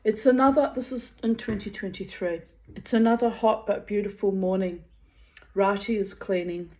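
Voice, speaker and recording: A woman's voice: mid-range voice, darkish tone, poor audio. A middle-aged woman, candidly chatting and reading her own diary aloud, in a rambling way. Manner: slow, candid, rambling, talks to her pet bird. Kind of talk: casual chat and diary reading.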